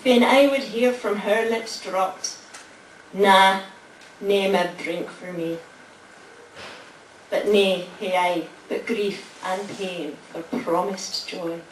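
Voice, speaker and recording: A woman's voice: mid-range voice, steady tone, slow, far from the mic, slight background noise. New woman reading aloud in an echoey hall. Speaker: library event host and poem reader. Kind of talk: live public poetry reading and thanks. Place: library hall at a lunchtime public event.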